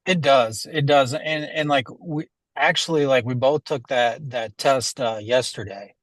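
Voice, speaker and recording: A man's voice: medium pitch, measured pace, dry recording. A man being coached in a casual chat, hesitant, often restarting his sentences. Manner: hesitant, many fillers and restarts.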